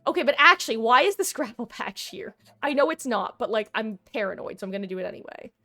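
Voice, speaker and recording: A woman with a bright, sharp-edged voice talks through her video game stream, chatty and theatrical. She addresses her viewers and the game itself as she plays, and soft music sits faintly underneath. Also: a little high, expressive, fast talker. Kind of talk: casual gameplay commentary.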